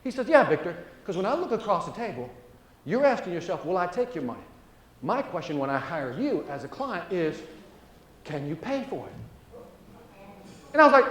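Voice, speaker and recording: A man's voice: sits high, normal speed, long pauses. A middle-aged man, a sales trainer, telling a story on stage and acting out the dialogue, often asking "right?" to the audience. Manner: animated, acts out dialogue, frequent "right?". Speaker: sales trainer and motivational speaker. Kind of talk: storytelling keynote talk. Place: large event room. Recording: echoey room.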